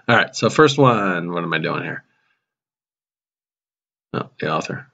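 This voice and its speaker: A man who teaches high school math, casually narrating a screen-recorded web coding tutorial as he types, with a touch of dry sarcasm. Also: a little slow, vocal fry, dull audio. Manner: relaxed, self-narrating while typing, dry sarcasm.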